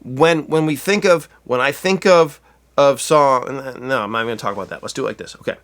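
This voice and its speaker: A man's voice: mid-range voice, fairly quick, fairly bright tone. A man giving a casual guitar lesson, chatty and self-correcting, counting beats aloud as he plays. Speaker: guitar teacher.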